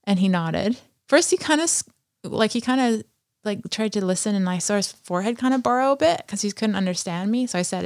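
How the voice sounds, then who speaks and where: A woman telling stories as an interview guest, chatty and animated. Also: mid-range voice, a little fast, creaky, dry recording, clean studio sound. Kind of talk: conversational interview storytelling.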